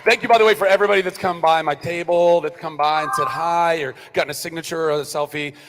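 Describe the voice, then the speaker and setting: A man's voice: quick pace, in a large hall. A middle-aged actor on a fan convention panel, rambling, swearing and laughing as he talks to the crowd. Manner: animated, rambling, swears, laughs, goes loud and high. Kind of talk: freewheeling panel talk to fans.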